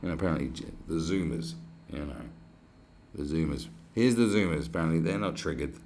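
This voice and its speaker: A man's voice: extremely low pitch, fairly quick, a little mellow, a little hiss or hum. A man with a British accent, delivering a mocking, profane, sarcastic rant in reply to comments. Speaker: commentary vlogger.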